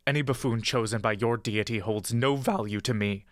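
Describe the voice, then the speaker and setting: An actor playing a huge, scarred, tusked warrior who speaks in a gravelly, slow and contemptuous way. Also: male voice, medium pitch, dry recording, clean studio sound, lightly acted. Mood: scornful. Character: scarred, tusked male warrior, large, seething and hostile.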